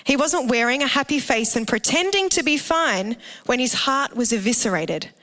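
Australian woman pastor, animated and jokey, preaching in a reverberant church hall; sharp, bright tone. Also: sits high, moderate pace. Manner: animated, jokey asides to the congregation. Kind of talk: sermon with personal storytelling. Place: church auditorium.

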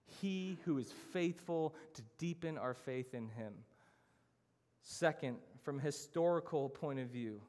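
A man's voice: mid-range voice, darkish tone. Man preaching a sermon in a reverberant church. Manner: earnest preaching with emphatic lists. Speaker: pastor. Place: church hall.

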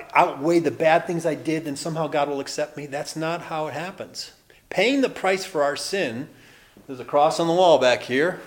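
A man in his forties preaching a sermon in a church, animated, acting out voices and laughing often. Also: on the high side. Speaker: pastor. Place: church building.

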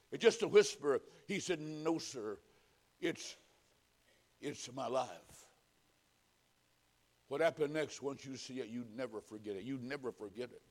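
A man preaches a sermon in a fairly high-pitched voice. He tells a story in hushed, quiet tones and builds to forceful exhortation. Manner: storytelling with hushed quoted whispers and rising exhortation.

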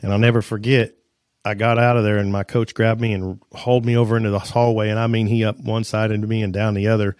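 A man hosting a casual interview, telling a story in a hesitant, halting way. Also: fairly low pitch, level tone, darkish tone, no echo, studio quality. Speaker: podcast host.

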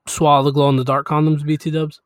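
A man's voice: on the high side, flat delivery, fast talker, no room sound, clean studio sound. A man co-hosting a podcast in casual chat, laid-back and full of crude wisecracks. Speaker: podcast co-host.

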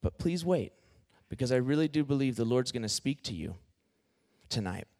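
Lively joking preacher. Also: male voice, medium pitch, moderate pace. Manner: lively, joking, acts out quoted friends. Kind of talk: sermon.

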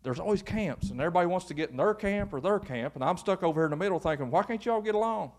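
Pastor guy preaching casual, folksy, gets fired up, highish voice. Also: rapid-fire. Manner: folksy, conversational, rises to animated exhortation. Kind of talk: informal sermon.

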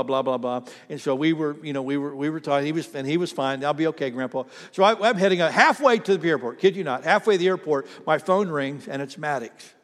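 An older man preaching a sermon in church, telling a family story with halting restarts before building to emphatic calls. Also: on the high side. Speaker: pastor. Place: church sanctuary. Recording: long reverb of a church hall.

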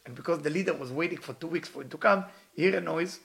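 A man's voice: fairly high pitch, fast talker, creaky, fairly bright tone. A man giving a storytelling sermon as a spiritual teacher, earnest and at times impassioned, speaking English with non-native grammar. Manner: earnest, rising to impassioned pleas.

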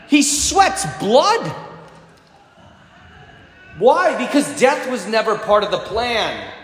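A priest delivers a sermon with a high, bright pitch that swoops up and down as he tells his stories. His voice carries through a large church with a long, ringing reverb. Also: a little slow, pauses often. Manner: animated storyteller, acts out children's voices.

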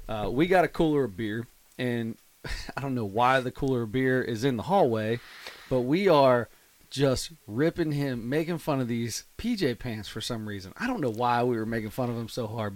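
A young man in casual chat, telling animated stories and laughing often. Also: mid-range voice, moderate pace.

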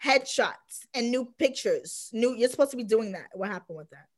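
A woman's voice: a little high, lively intonation, moderate pace. A woman giving a casual psychic reading, speaking with assurance and emphatically repeating her points. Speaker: psychic reader.

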